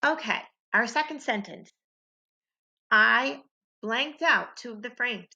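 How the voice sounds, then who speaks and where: A woman teacher giving a phonics lesson to young children, modeling sentences slowly and clearly with exaggerated expression. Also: a little high, sharp tone, lo-fi sound.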